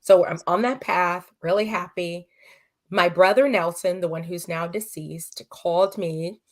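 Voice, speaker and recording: A woman's voice: on the low side, a little slow. A woman from California, a podcast guest, telling her personal story in an earnest, emotional way and acting out what others said, in a podcast studio. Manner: earnest, emotional, quotes dialogue.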